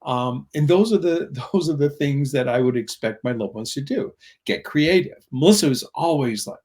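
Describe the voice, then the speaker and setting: With a medium-pitched, somewhat dark voice, a middle-aged male guest tells conversational stories earnestly. He tends to wander off topic and quotes other people's voices as he recounts his anecdotes.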